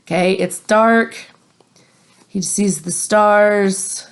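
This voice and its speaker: A woman's voice: medium pitch, very slow. A woman reading a novel aloud and adding chatty, casual comments between passages. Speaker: reader.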